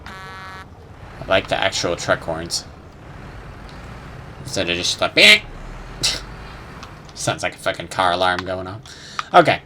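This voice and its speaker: A man's voice: low voice, sing-song, takes it slowly, long pauses, bright, forceful tone, a little hiss or hum. A young man chatting casually over his gameplay, rambling and unsure, swearing now and then and humming little sound effects. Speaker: gamer.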